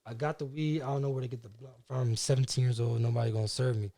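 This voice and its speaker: A young man from New Jersey with a New Jersey accent, telling his life story as a podcast guest in an animated, slangy way, full of "like" and "you know what I mean". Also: medium pitch, fast talker, a little hiss or hum. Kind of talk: casual storytelling.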